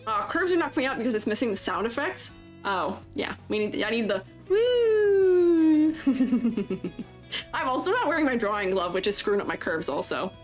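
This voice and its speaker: Drawing on a live stream, a woman reviews avatar designs in a medium-pitched, slightly bright voice that is very animated and quick. She laughs a lot, reads viewer comments aloud and teases her chat playfully, all in casual conversation with faint music behind her.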